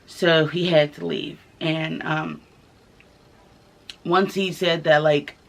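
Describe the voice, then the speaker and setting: A young woman telling her own story to the camera in a casual vlog, candid and soft-spoken, pausing often with fillers. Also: deep voice, fairly even intonation, creaky. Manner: candid, halting, many fillers. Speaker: vlogger. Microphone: camera mic, filming herself.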